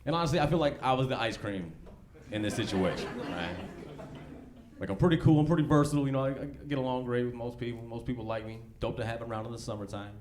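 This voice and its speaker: A man's voice: medium pitch, fast talker, a crowd in the background. Slangy stand-up comic man. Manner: loose, slangy, conversational delivery. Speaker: stand-up comedian. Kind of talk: stand-up comedy set. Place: comedy club stage. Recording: live club recording, background noise.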